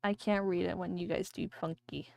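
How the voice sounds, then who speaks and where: A woman's voice: lowish voice, fairly even intonation, moderate pace, gravelly, dark tone. A woman streamer chatting casually and rambling while she draws on a livestream. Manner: chatty, rambling, thinking aloud.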